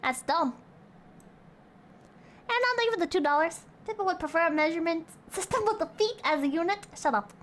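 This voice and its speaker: A woman's voice: very high voice, lively intonation, fairly quick, long pauses, fairly bright tone, a little hiss or hum. A young woman streamer in casual chat, reading out donations, playful and crude and rambling.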